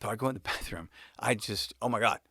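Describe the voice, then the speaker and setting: A man's voice: on the low side, fast, vocal fry, bright, forceful tone, slightly rough, dry recording, clean studio sound. A man, a music video director, telling a personal story in casual style, laughing often and swearing, with bursts and restarts.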